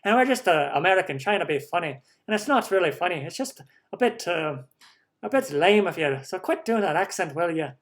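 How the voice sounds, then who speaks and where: A man's voice: high-pitched, lively intonation, a little fast, a bit bright. A man putting on an exaggerated comic Irish-Scottish brogue, playfully scolding people who fake the accent. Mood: mock scolding.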